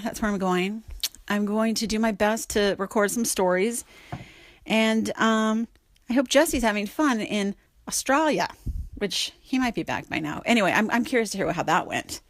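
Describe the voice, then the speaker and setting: A woman's voice: medium pitch, no room sound. A woman recording a casual message while distracted by packing for a trip.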